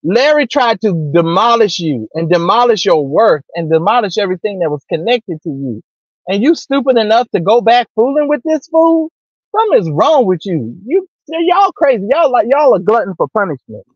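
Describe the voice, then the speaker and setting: A man's voice: high voice, very animated, moderate pace, dry recording. A man doing casual commentary on a vlog, teasing and mocking his targets. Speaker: commentary vlogger. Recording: dull dry lo-fi sound.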